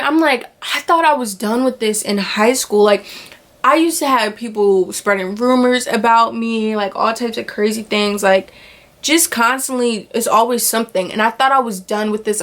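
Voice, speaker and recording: A young adult woman vlogger telling a personal story in casual chat, often saying "like" and acting out what others said. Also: medium pitch. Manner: animated retelling, acts out quoted voices, filler "like" often.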